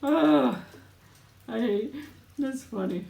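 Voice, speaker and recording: A woman's voice: sits high, extremely slow, gravelly, darkish tone, echoey room. A woman hosting a casual live chat with viewers while eating. She tells stories in a chatty way and often laughs as she talks.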